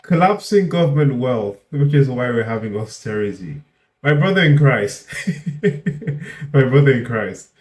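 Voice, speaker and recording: Guy doing a reaction vid, fed up and disbelieving, voice jumps high when he's outraged, echoey room. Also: a little mellow. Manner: exasperated, incredulous, jumps in pitch when outraged. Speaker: reaction video host. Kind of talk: reaction commentary. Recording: roomy echo.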